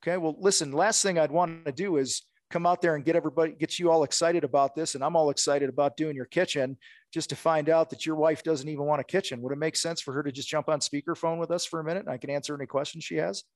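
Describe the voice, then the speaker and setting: Guy coaching contractors on sales, blunt, kinda high voice, acts out calls. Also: fairly even intonation, fast, dry recording. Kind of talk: casual podcast talk.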